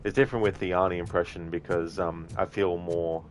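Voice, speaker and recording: Guy with a really low voice rambling to his stream chat, lots of ums, bit of game music under it. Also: a little fast. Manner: relaxed, rambling with frequent ums. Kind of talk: casual live-stream chat with viewers. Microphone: streaming microphone at the console.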